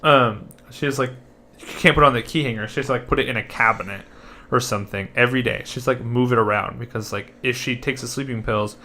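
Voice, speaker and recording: Chatty young man, mid-pitched voice. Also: quick pace, slight background noise. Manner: chatty, excitable, swears casually. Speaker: podcast co-host. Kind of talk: casual chat.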